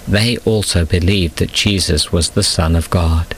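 A man giving scripted storybook narration in a steady, measured reading. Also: low voice, slightly rough, low-quality recording.

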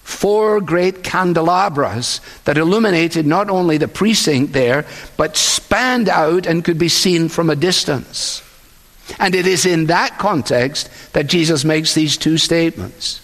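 A man preaching a sermon in an earnest, measured way, often quoting others. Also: a little high, fairly bright tone, in a large hall. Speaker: pastor.

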